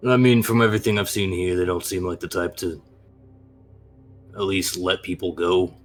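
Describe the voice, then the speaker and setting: A man's voice: sits low, steady tone, normal speed, soft background music. A man playing in a tabletop game, talking casually and a bit hesitantly. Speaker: player.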